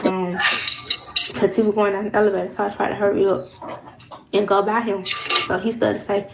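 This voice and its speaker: Gravelly-voiced woman telling a story. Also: medium pitch, little pitch movement, fairly quick. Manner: rambling, repeats herself, casual slang. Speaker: vlogger. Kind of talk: casual storytime. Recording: noisy background hiss.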